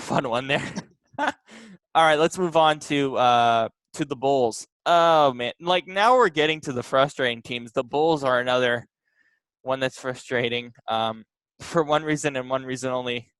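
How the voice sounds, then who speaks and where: A man's voice: medium pitch, a little slow, clear, resonant tone, dry recording, low-quality recording. Man ranting animatedly on a dry mic. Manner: animated, exasperated rants. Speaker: podcast co-host. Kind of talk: casual sports talk.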